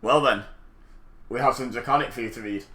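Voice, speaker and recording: A man playing a character in a tabletop game. He talks in character in a stammering, expressive way. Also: mid-range voice, a little fast. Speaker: player. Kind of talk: tabletop role-play chat.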